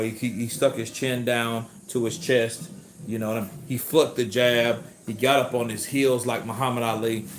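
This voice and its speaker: A man hosting a livestream of boxing commentary, talking in an animated, profane and excitable way. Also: medium pitch. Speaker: host. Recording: roomy echo.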